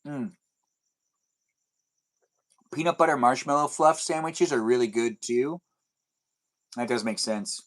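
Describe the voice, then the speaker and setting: A man's voice: mid-range voice, takes it slowly, pauses often, a bit bright. Young man, livestream host, rambling, answering chat, indoors at home. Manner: chatty, rambling, answers chat messages aloud. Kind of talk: casual livestream chat reading comments.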